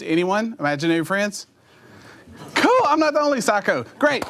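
A man preaching to a live youth group in a fairly high, lively voice. He jokes, teases and throws questions out to the room in a loose, conversational way. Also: brisk. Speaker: youth pastor. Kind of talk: live Bible study sermon.

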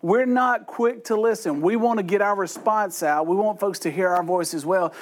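A man's voice: high voice, normal speed, slight background noise. A middle-aged man leading a Bible study, joking and chatting with the group. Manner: joking, conversational, self-deprecating asides. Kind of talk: humorous Bible study talk.

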